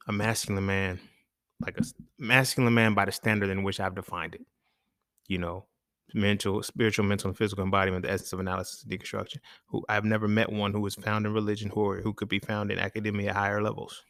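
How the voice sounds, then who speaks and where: A man with a lowish voice delivers a frank, profane solo monologue and keeps checking in with his listeners. The recording is dry and close, with no room sound. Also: fairly bright tone, no room sound. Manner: blunt, profane, repeats "you feel me". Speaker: podcast host. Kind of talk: casual monologue.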